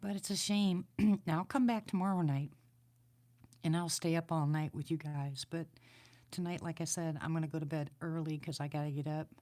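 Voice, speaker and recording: A woman vlogging at night from indoors by a window, chatting to her viewers through an external microphone in an animated way, sometimes dropping to a whisper. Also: low-pitched, moderate pace. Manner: chatty, animated storytelling, drops to a whisper at times. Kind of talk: casual chat to viewers. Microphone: external microphone near a window.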